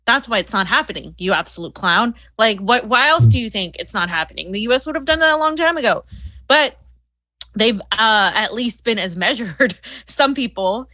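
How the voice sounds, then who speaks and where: A woman's voice: on the high side, animated, moderate pace, sharp tone, no room sound. A woman co-hosting a political talk show, speaking in a heated, scornful way with frequent restarts. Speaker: co-host. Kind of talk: political commentary chat.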